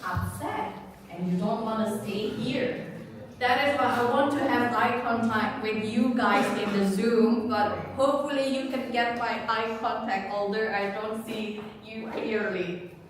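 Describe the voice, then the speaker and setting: A woman's voice: on the high side, crowd noise. A woman lecturer with an Indonesian accent teaching a live workshop, acting out examples with big swings of intonation. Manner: slow, expressive, acts out examples with swinging intonation. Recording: echoey hall, voice from far off.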